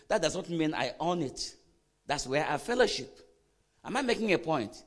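A man preaching a sermon, quizzing the congregation with questions and swinging from quiet asides to loud emphatic bursts. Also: a little high, normal speed. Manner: animated preaching, call-and-response questions to the congregation. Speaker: pastor.

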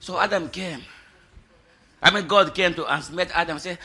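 A man preaching a charismatic sermon, rousing the congregation with rhetorical questions and bursts of shouting. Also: high voice, moderate pace, slightly rough.

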